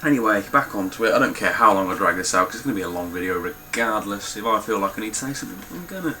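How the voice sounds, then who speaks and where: Young man, deep bright voice, blunt, swears a lot, faint background hiss. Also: animated, rapid-fire, poor audio. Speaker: game collector. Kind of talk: casual spoken collection walkthrough.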